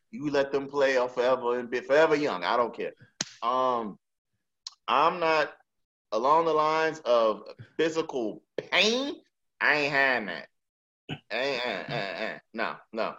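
A man co-hosting a podcast in casual banter, an animated storyteller who laughs a lot and acts out the lines he quotes. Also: medium pitch, a little slow. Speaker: podcast co-host. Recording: dull lo-fi sound.

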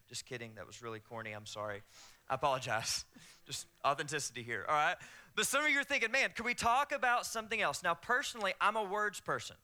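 Man, Southern accent, pastor, sermon, high voice, very bright, smooth, joking with the congregation. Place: church sanctuary.

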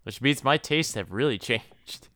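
A man's voice: medium pitch, a little slow, pushed and bright, no room sound. A young man co-hosting a podcast, chatting casually, laughing often and stumbling over his words. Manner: laughs often, stammering restarts. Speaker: podcast co-host. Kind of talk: casual chat.

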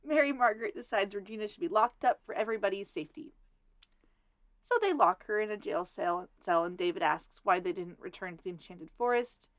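A woman co-hosting a casual podcast recap, swearing freely and acting out characters in quick asides. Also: mid-range voice, no room sound. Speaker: podcast co-host.

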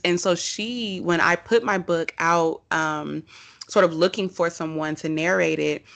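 A woman hosting a podcast in casual chat, chatty and quick to affirm her guest. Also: lowish voice, gravelly, a bit bright, no room sound. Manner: chatty, lots of affirming yeses. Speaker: podcast host.

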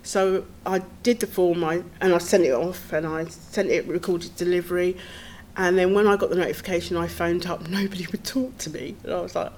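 A woman's voice: medium pitch, fairly even intonation, moderate pace, a little mellow, a little hiss or hum. Earnest middle-aged woman recounting. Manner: earnest, tumbling, with nervous laughs. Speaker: podcast guest. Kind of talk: personal storytelling.

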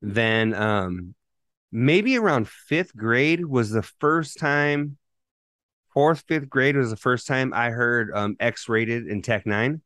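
Male podcast co-host, mid pitch, dry close sound, rambling profane storyteller. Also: animated, slow, fairly bright tone, dry recording. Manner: loose, profanity-heavy storytelling with rambling restarts. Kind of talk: casual chat.

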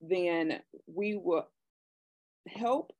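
A woman's voice: fairly low pitch, very slow, no echo, muffled recording. A middle-aged woman hosting a casual talk show, speaking earnestly and often restarting her sentences. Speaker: podcast host. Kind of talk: casual conversation.

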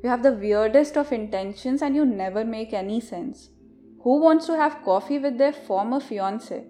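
A woman voicing a blunt young woman who talks in a flat, curt monotone in an audiobook story. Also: on the high side, moderate pace, soft background music, close to an everyday voice. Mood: cold. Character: cold, blunt young woman, former fiancée.

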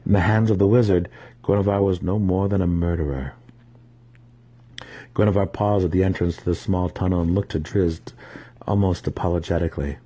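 A man reading a fantasy novel aloud, telling the story with steady drama. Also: sits low, a little fast, husky. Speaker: audiobook reader.

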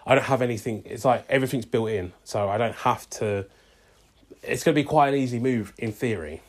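A man's voice: medium pitch, brisk. Chatty young man telling a story. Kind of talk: casual storytelling.

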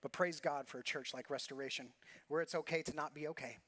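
High-voiced earnest male pastor. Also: fairly even intonation, quick pace, sharp tone. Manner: earnest, confessional storytelling with repeated phrases. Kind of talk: sermon.

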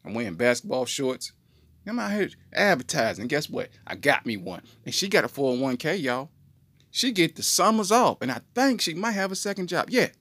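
Animated slangy male storyteller. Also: fairly high pitch, normal speed, no echo. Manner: animated, slangy, jumps into voices. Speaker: podcast co-host. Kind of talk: comedic storytelling.

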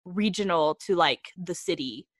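A woman's voice: fairly low pitch, a little slow, no room sound, clean studio sound. A woman co-hosting a casual chat, rambling and laughing, with many fillers.

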